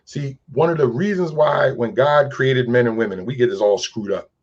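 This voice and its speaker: In a muffled recording, a man with a husky mid-range voice speaks at normal speed in an earnest interview. As a crisis specialist and mentor, he tells stories and preaches about feelings, acting out quotes.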